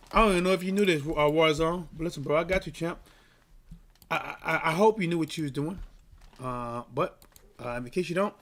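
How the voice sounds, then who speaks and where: Male live-stream sports host, casual and animated, repeats himself and hypes the chat, slightly raised pitch. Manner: animated, repetitive, hyping the chat.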